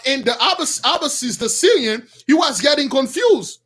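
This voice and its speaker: A religious storyteller with a very high voice retells an old story to his viewers, speaking fairly quickly. He talks in animated bursts that often climb into shouts, backing up to restart his sentences.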